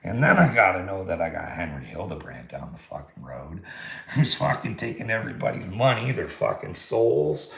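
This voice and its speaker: A man's voice: low-pitched, big pitch swings, normal speed, gravelly, echoey room. A man ranting angrily in a heated vlog monologue, swearing constantly as he retells a confrontation. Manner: angry, heated, swearing a lot. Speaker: vlogger.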